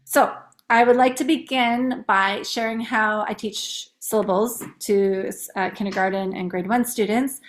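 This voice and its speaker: A woman's voice: mid-range voice, fairly even intonation, a little hiss or hum. A woman teacher chatting casually and upbeat, explaining how she teaches young kids to count syllables. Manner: chatty, upbeat, demonstrates words slowly in syllables.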